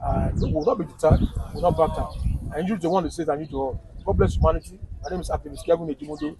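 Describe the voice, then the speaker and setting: A man's voice: fairly high pitch, lively intonation, racing, background noise. A man with a Nigerian accent, a human rights activist giving a firm statement in the field.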